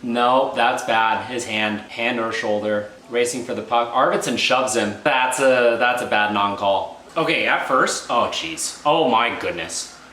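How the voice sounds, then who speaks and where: A man reviewing and reacting live to a hockey game, excitable and exasperated, rambling with restarts. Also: medium pitch, a little slow. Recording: echoey room, faint background noise.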